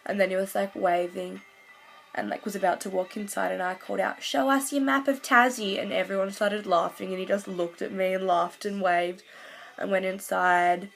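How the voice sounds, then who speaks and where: A woman's voice: medium pitch, level tone, creaky, soft background music, rough recording. A woman, telling a fan story in casual vlog chat, gushing along with lots of "like" fillers. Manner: gushing, fast-flowing recount full of "like" fillers. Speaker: vlogger.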